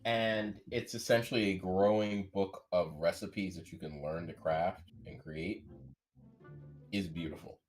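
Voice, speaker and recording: A man's voice: sits low, steady tone, unhurried, faint music behind. A man co-hosting a casual roundtable chat, playfully riffing on jokes. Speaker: dungeon master co-host.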